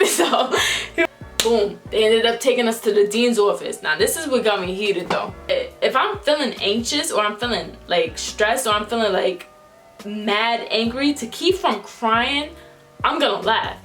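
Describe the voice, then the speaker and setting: A woman's voice: fairly high pitch, unhurried, faint music behind. A young woman, casually telling a vlog storytime, acting out the people in it with slang and swearing. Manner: animated, acts out quoted voices with slang and swearing. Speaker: vlogger.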